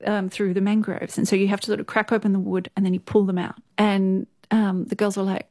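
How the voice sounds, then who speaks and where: A woman's voice: medium pitch, a little fast, hardly any pauses, a little mellow, dry recording, clean studio sound. A young Australian woman telling stories as an interview guest, chatty and laughing often, full of "like" fillers. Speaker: interview guest, news presenter. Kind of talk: casual storytelling interview.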